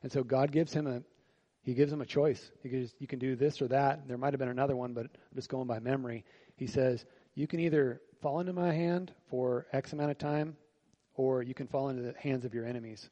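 A pastor delivers a conversational sermon to his congregation in a medium-pitched voice at a fairly quick pace, though the audio is dull. Rhetorical questions come again and again as he shifts from hushed reflection to loud, animated outbursts.

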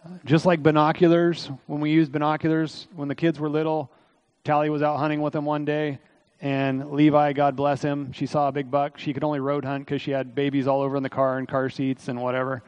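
A middle-aged man preaching a sermon as pastor, in a folksy, conversational way, with many fillers and asides, his voice slightly hoarse this morning. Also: a little high, flat delivery, fairly quick, a little mellow, no room sound, lo-fi sound.

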